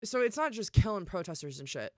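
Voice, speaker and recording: A young woman streamer talking casually and emphatically, swearing often and filling pauses with "um" and "like". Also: mid-range voice, very animated, a little mellow, no room sound, clean studio sound. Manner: emphatic and profane, with many fillers. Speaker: live streamer. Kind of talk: casual live-stream rant.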